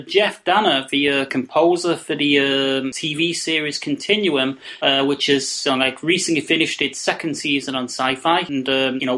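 A man's voice: on the high side, fairly bright tone. A man hosting a podcast in casual chat, rambling and hesitant, with lots of ums and uhs. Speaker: podcast host.

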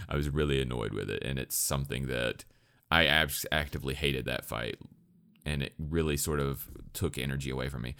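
A man's voice: rumbling low, fairly bright tone. A man giving a rambling, profane spoken review, full of restarts and stutters. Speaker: anime reviewer.

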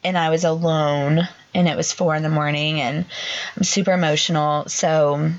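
A young adult woman, a podcast co-host, tells an emotional personal story in a halting way, full of "like" fillers. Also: low-pitched, fairly even intonation. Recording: dull lo-fi sound.

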